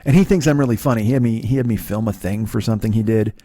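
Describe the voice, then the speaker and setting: A man's voice: lowish voice, very fast, warm tone. Rambling, swearing middle-aged man storyteller. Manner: rambling, profane, self-deprecating, many restarts. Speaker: podcast host. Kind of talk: casual storytelling monologue.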